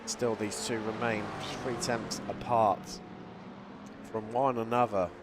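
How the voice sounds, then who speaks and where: A man calling a sim race as a live commentator. He has a lingering cold, talks in a lively play-by-play with fillers and mid-sentence restarts. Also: on the low side, slow. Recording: voice over loud race car noise. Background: racing car engine sounds.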